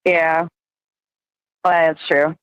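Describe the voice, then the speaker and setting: A woman's voice: low-pitched, level tone, extremely slow, clear, resonant tone, no echo. A woman giggling through a casual phone chat, poking fun at herself. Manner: giggly, self-deprecating. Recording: lo-fi phone recording.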